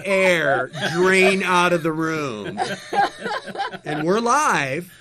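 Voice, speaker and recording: Rambling, animated male storyteller. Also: high voice, very slow, heavy background noise. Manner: rambling, animated anecdotes with many fillers and restarts. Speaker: guest telling stories, former local TV interviewer. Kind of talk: casual storytelling chat.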